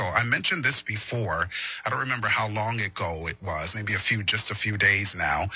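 A man teaches a morning Bible lesson on a livestream, earnest and prone to repeating himself as he asks listeners questions. His voice is very bright with a husky edge. The recording is dry and a little dull. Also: lowish voice, expressive, moderate pace. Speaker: preacher.

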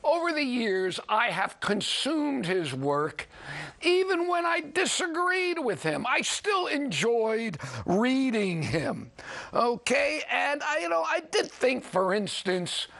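A man with a New York accent hosting a program, talking in an animated, digressive way with chuckling asides. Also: very high voice, slow pace, creaky. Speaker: program host. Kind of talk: conversational radio commentary.

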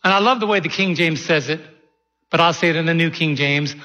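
A man's voice: on the high side, fairly quick, bright, forceful tone, long reverb tail, muffled recording. A man preaching a sermon in a church, in a folksy, conversational way full of rhetorical questions. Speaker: pastor.

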